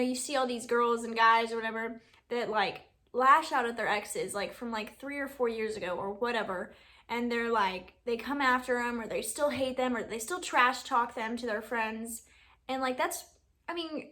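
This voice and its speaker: A young woman from Alabama talks through a casual Q&A vlog. She rambles, fills her talk with "like", and laughs often. Her voice is bright and a little high. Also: moderate pace. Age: 20s. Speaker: beauty YouTuber.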